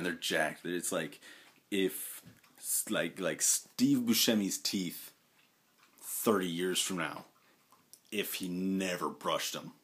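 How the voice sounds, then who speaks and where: A man with a low voice chats casually to the camera at home. He rambles, stops and restarts, and fills his pauses with ums and uhs. Now and then he turns to his dog and talks to it in a fond, raised voice. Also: a bit bright. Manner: rambling, halting, lots of fillers and restarts. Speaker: vlogger.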